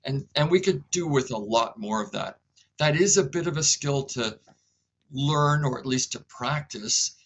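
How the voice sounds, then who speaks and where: A man being interviewed as a guest, speaking in a calm, reflective way and sometimes acting out short dialogues between people. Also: medium pitch, a little slow, a little hiss or hum, low-quality recording. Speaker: inventor and guest. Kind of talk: conversational interview.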